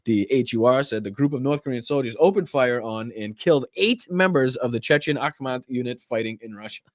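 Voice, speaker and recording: A man's voice: mid-range voice, a little fast, no room sound, studio quality. A man with a Boston accent hosting a live political commentary stream, reading news aloud with sarcastic, profane asides. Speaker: political talk show host.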